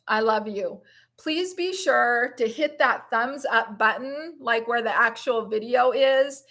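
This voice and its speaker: Woman vlogger, high voice, slow unhurried delivery, effusive and encouraging live-stream chat. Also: a bit bright. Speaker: plant-based lifestyle vlogger.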